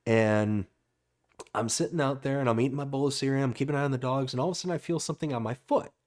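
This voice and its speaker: A man from Florida, a guest on a chat show, telling a story in a drawn-out, dramatic way. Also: mid-range voice, a little mellow.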